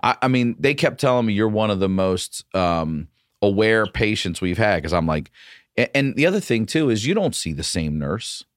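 Deep-voiced man telling a profane story. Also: very animated, normal speed, no echo, studio quality. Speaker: comedian guest. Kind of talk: casual podcast storytelling.

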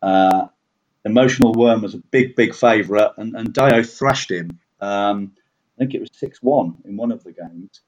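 On dull lo-fi audio, a man with a lowish, darkish voice at a moderate pace chats casually on a podcast about where he sits in the league standings. He's self-deprecating and rambling, packing his talk with fillers.

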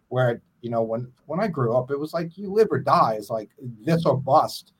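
A man's voice: a little high, normal speed, few pauses, breathy edge. A middle-aged man, an independent musician, chatting casually on a podcast, rambling and self-deprecating as he trails off.

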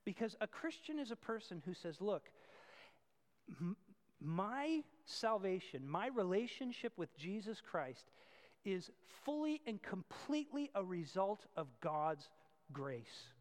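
A male pastor preaching a sermon, switching between loud emphatic points and quiet asides. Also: sits high, big pitch swings, measured pace, long reverb tail.

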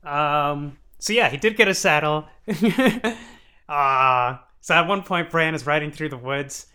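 A man's voice: fairly high pitch, bright, forceful tone, clear, resonant tone. A young man co-hosting a casual comedy podcast, rambling through a plot recap with frequent giggles. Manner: rambling, giggly, slips into quick voices for characters. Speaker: podcast co-host recapping a show.

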